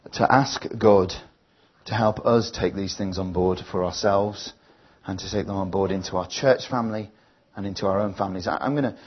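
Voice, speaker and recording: A man's voice: lowish voice, slightly rough, muffled recording. A man preaching a sermon, telling a family story in an earnest, reflective way before leading a prayer.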